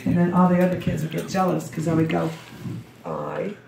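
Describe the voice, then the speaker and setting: A hoarse woman with a cold gives a rambling, emotional memorial tribute to her daughter. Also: on the low side, little pitch movement, a little fast, darkish tone, a little hiss or hum. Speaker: grieving mother giving a memorial tribute. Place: memorial service room. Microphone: recorded from a distance by someone in the room. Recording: dull, roomy, distant recording.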